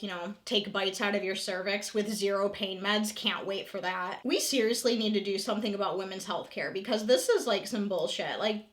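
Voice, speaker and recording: A woman's voice: medium pitch, a bit bright. A woman in her thirties talking candidly in a casual confessional vlog, emotional and open, swearing freely and filling her talk with "like". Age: 30s. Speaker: vlogger.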